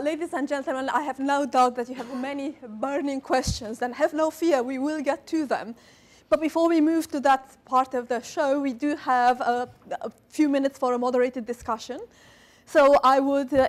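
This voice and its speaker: Woman running a panel, high voice, formal n polished. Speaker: moderator. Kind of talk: moderating a panel discussion.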